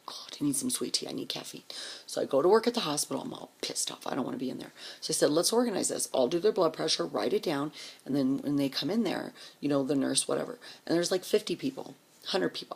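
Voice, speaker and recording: Woman telling her own story, blunt and salty, husky low voice with whispered asides. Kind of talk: casual personal storytelling.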